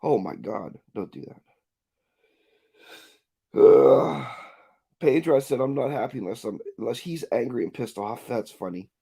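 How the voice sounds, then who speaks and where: Male livestream host, ranting casually, gravelly voice, lively pitch. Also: fairly quick, few pauses. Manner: ranting, reads viewer comments aloud.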